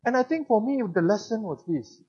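A middle-aged man with a Singaporean English accent preaches with a high, husky voice. He tells a personal story and asks rhetorical questions at an animated pace. The recording sounds a little dull and muffled. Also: brisk.

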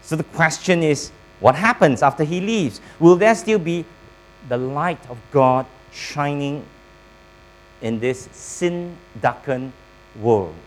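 Slow, deliberate male preacher. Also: a little high, lively intonation, low-quality recording. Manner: preaching with pauses, quizzing the congregation. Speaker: pastor. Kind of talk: sermon.

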